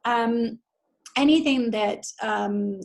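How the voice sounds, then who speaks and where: A woman's voice: fairly high pitch, drawn-out words, darkish tone. Female teacher, co-presents, talks things through with lots of fillers. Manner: thinks aloud with many ums. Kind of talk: webinar talk.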